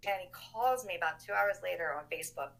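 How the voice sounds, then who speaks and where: A woman, the older sister of a missing man, recounting events in an interview in an emphatic, animated way. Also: lowish voice, fast, creaky, low-quality recording.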